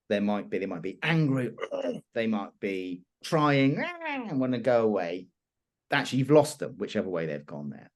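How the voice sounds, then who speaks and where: A man trainer teaching influence techniques in an animated, expressive conversational way. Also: fairly low pitch, normal speed. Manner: animated, expressive, laughs often.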